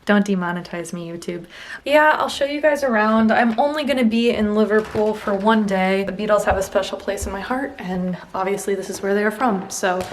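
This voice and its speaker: A woman's voice: medium pitch, fairly quick. A woman with an American accent talking casually to camera as a travel vlogger, upbeat and chatty with loose fillers. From United States. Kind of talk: casual vlog chat to camera. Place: traveling around cities, indoors and on the street. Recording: handheld vlog audio with steady background noise.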